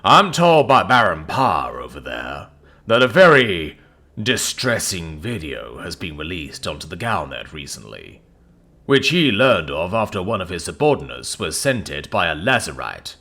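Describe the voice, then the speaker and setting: A man voicing a grandiose god-king emperor who booms slowly in an affected mid-Atlantic accent. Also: very animated, sharp tone, heavily acted. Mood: grandly menacing. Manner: booming, drawn-out, theatrical.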